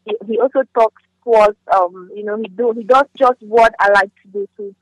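Female comedian and actress being interviewed; relaxed and chatty, dry recording. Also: mid-range voice, moderate pace, no room sound, dull audio. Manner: chatty, leans on "you know". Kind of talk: casual interview answers.

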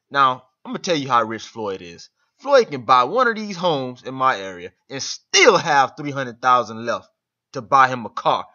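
A man vlogger giving casual comedic commentary, animated and rambling, often repeating "man". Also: on the high side, lo-fi sound.

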